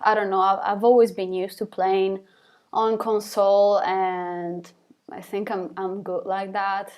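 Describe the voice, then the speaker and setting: A woman's voice: medium pitch, little pitch movement, measured pace, a little mellow. A young woman, a band's singer, reading fan questions aloud from a live chat and answering them casually, with lots of fillers and small laughs.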